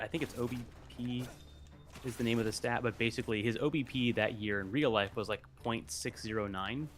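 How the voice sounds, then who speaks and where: A man's voice: lowish voice, a bit bright. A man chatting casually as a stream co-host, rambling with many fillers and restarts. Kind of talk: casual chat.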